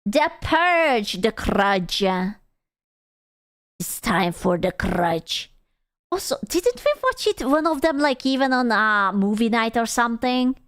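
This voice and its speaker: A young woman streamer with a high, clear, smooth voice, talking with her chat in an unhurried, teasing way. She swears freely and jokes around, close to a desk mic in a dry room. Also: big pitch swings, fairly bright tone, dry recording. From Europe. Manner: crude, teasing and playful, laughs often. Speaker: VTuber streamer.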